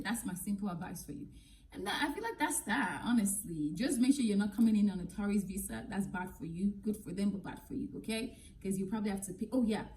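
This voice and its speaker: A woman from Nigeria talks straight to camera in a casual advice vlog, blunt and no-nonsense. Her voice sits mid-height for a woman and has a mellow, warm tone. She works as an English teacher and speaks to viewers with candid asides. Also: medium pitch, low-quality recording.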